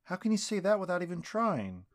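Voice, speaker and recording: Guy doing a pushy impatient teacher, higher pitched. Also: very animated, a little fast. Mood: eager.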